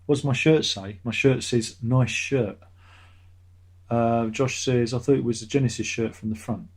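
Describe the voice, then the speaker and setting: A man's voice: mid-range voice, fairly even intonation, moderate pace, a little mellow, husky. A middle-aged man hosting a casual live stream, reading out chat messages and rambling sarcastically, often laughing at his own jokes.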